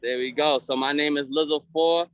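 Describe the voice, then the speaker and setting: A man's voice: on the high side, steady tone, moderate pace, a bit bright, clean tone, no room sound. A young man with a Boston accent, performing rhymed spoken-word verses with a confident, rhythmic delivery and hyping up his audience on a video call. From Massachusetts, US. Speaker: featured poet and recording artist.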